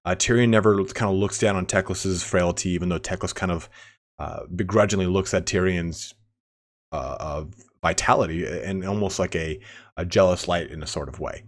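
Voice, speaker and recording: A man's voice: sits low, moderate pace. A man giving casual, rambling game commentary, full of fillers and restarts. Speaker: gaming commentator.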